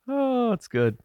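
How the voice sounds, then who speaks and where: A man's voice: very high-pitched, warm tone, no room sound, highs cut off. Chatty man, dry close sound. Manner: chatty, laughs often, quick asides. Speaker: podcast co-host. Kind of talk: casual chat.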